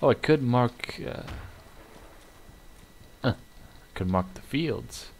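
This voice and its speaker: A man giving live gameplay commentary, muttering and cursing with sudden excited outbursts. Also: mid-range voice, slow, slight background noise. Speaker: gamer.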